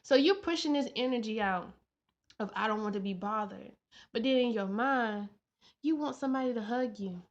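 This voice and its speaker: A young woman vlogs at normal speed, her voice on the high side. She's earnest and heartfelt, echoing her own lines for emphasis, and the recording sounds dull and lo-fi.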